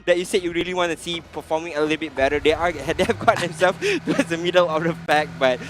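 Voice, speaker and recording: A man's voice: on the high side, quick pace, a little hiss or hum. A man casting a live esports match, breaking into laughing fits and mocking himself. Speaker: esports caster.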